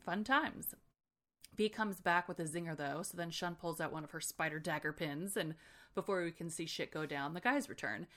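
Young woman host, snarky, swears a lot, animated recap delivery. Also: fairly low pitch, normal speed. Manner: sarcastic, profane, animated. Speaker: podcast host. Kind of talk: casual book recap.

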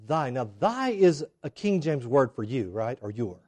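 A man preaching a sermon, acting out the people in the story with big swings in loudness and emphasis. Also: unhurried. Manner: animated, acts out quoted voices with big swings in pitch and loudness. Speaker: pastor.

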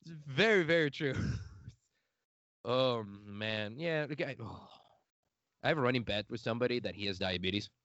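A man's voice: mid-range voice, moderate pace, long pauses, a bit bright, no echo. A man with a Midwestern accent, hosting a podcast in casual chat, swearing freely and laughing often. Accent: Midwestern American. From outside Chicago. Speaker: podcast host. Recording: dry, muffled lo-fi audio.

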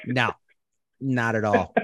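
A man's voice: medium pitch, fairly even intonation, slow pace, a bit bright, dry recording. A man hosting a podcast, chatting casually in a rambling way, full of fillers and swearing. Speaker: podcast host. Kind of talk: casual chat.

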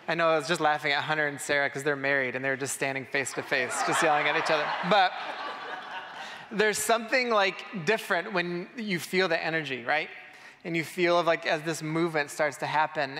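A pastor speaks casually to his congregation in a church hall, guiding them through a conversational sermon dotted with fillers. The hall's sound echoes, and his voice is high-leaning, bright, and forceful.

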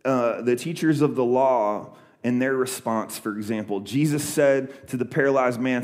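A man's voice: mid-range voice, lively intonation, measured pace, a little mellow. A young adult man preaching a sermon, retelling a scripture story in a loose conversational way with many fillers and restarts. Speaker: pastor.

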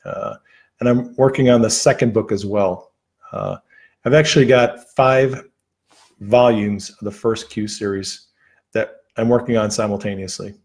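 A man talking loosely to his viewers on a livestream, his voice worn down after a long session. He wanders through his thoughts with plenty of fillers, false starts and restarts, sitting at a mid pitch for a man. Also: darkish tone. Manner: rambling, halting, with many fillers and restarts. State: losing his voice. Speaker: livestream host. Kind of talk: casual livestream chat.

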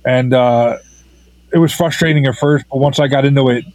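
A filmmaker being interviewed, who talks in a halting, casual way, full of fillers and restarts. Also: male voice, medium pitch, steady tone, darkish tone, no room sound, rough recording. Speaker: filmmaker guest.

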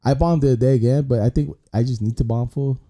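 A man's voice: medium pitch, steady tone, fairly quick, dark tone. A young man, a guest comedian rambling through stories in casual, slangy podcast chat. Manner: rambling storyteller, slangy, peppered with 'bro'.

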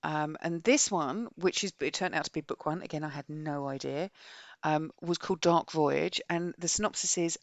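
A woman's voice: deep voice, normal speed, no room sound. A British woman co-hosting a podcast, chatting bluntly and expressively about a book she read. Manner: chatty, blunt and expressive, reads a synopsis aloud. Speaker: podcast co-host. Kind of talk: casual chat about books.

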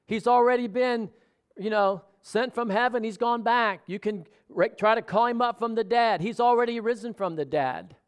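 A man's voice: very high voice, moderate pace, smooth. A man preaching a sermon in a conversational way, often asking the congregation questions. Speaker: pastor.

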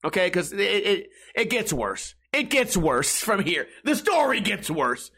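High bright-voiced man telling a heated story. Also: very animated, measured pace, slightly rough. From Las Vegas. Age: middle-aged. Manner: rambling, heated, profane, laughs between lines. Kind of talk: casual profane storytelling.

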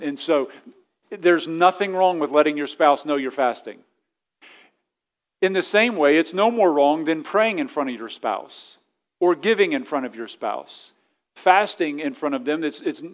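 A man's voice: a little high, moderate pace. A male pastor preaching a sermon to a congregation, teasing them and reading scripture aloud in King James wording. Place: church service before a congregation.

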